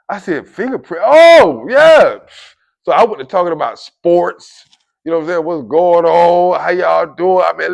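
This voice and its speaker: A man telling a story in a casual, animated way, often turning to his listeners and acting out the voices of others. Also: on the high side, creaky, dull audio. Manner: animated, keeps addressing listeners directly; acts out quoted voices of guards and inmates. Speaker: storyteller recounting prison life. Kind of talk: casual spoken storytelling to camera.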